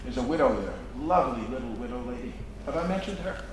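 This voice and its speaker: Caught by a distant room mic on a roomy stage with faint hiss, a fast-talking, expressive actor performs live in a mid-range voice close to his everyday one. His role is a wry, worldly, fatherly Chicago gangster in middle age who lectures and spins stories.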